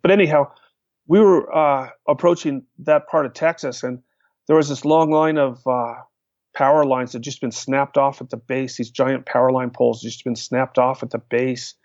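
A man's voice: mid-range voice, steady tone, moderate pace, darkish tone, dry recording. A man guest telling long casual stories in a rambling way, often restarting his sentences. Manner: rambling, with many restarts and fillers. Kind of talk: casual storytelling. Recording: dull, lo-fi sound.

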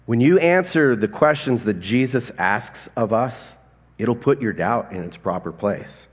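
A man's voice: mid-range voice, lively intonation, unhurried, breathy edge. A man in his forties preaching a sermon in a conversational, folksy way, telling stories and chuckling now and then. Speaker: pastor. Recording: long hall reverb.

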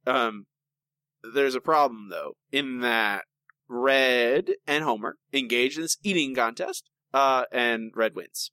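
A man's voice: medium pitch, takes it slowly, pushed and bright, clear, resonant tone, no room sound. A man co-hosting a podcast in casual chat, talking in an opinionated, rambling way with lots of restarts. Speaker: podcast co-host.

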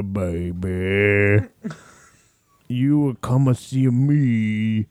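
A man voicing an old Creole grandfather who drawls slowly and calls the listener baby. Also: on the low side, a little mellow, dry recording, studio quality, pitched below the performer's own voice. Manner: slow, exaggerated drawl with pet names. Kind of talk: comedy podcast bit, slowed delivery.

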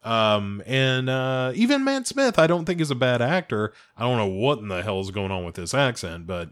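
A man giving a casual, rambling movie review, joking around and pausing often with fillers. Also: mid-range voice, very animated, fairly bright tone. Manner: rambling, jokey, hesitant with many fillers.

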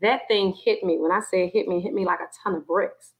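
A woman's voice: lowish voice, fast talker, slightly rough, highs cut off. Woman telling a heartfelt faith story. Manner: expressive storyteller, acts out her own inner voices. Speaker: guest sharing her story. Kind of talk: personal faith testimony in conversation.

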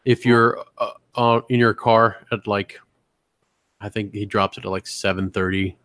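A man's voice: on the low side, steady tone, a little slow, a bit bright, no room sound. A man co-hosting a podcast, chatting loosely with lots of fillers and swearing. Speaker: podcast co-host. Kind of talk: casual banter.

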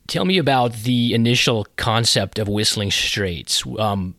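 A man's voice: on the low side, measured pace, bright, forceful tone, no echo. Man asking interview questions, dry sound. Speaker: interviewer host.

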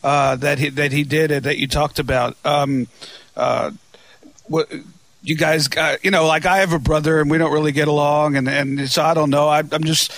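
A man's voice: a little high, fairly bright tone, no room sound. A man hosting an interview, asking long, rambling questions with many restarts. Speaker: podcast host. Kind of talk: casual interview.

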